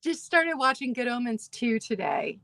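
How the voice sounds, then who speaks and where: A middle-aged woman co-hosting a live vintage sale, chatting casually, quick and enthusiastic. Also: a little high, animated, crowd noise. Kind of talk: casual chat.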